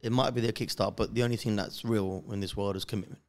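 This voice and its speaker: Low-voiced man co-hosting a podcast. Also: steady tone, fast, a little mellow. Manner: earnest, laughs often, gives life advice. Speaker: podcast co-host. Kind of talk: casual chat.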